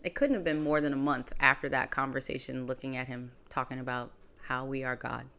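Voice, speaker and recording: A woman hosting a podcast, reflectively retelling a personal story in a conversational way, her phrases often trailing off softly. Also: very deep voice, fairly even intonation, brisk, gravelly. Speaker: podcast host.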